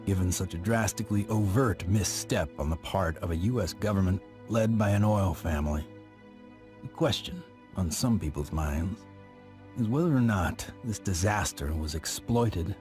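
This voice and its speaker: A man giving a grave, measured scripted narration for a documentary. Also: low voice, darkish tone. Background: music.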